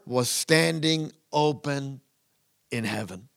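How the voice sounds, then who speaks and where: A man preaches in an earnest, emphatic way. He keeps a chatty, conversational tone. His voice sits fairly high for a man. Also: a little slow. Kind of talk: sermon.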